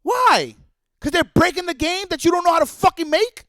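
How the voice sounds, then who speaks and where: Male streamer, high pitch, dry close sound, angry profane rant. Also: animated, normal speed, pushed and bright, dry recording. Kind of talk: heated rant.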